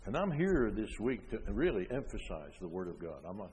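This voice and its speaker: An older man preaching a sermon, emphatic, with frequent rhetorical questions, rising loud and then dropping soft. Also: lowish voice, big pitch swings, brisk, a little hiss or hum. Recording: long hall reverb.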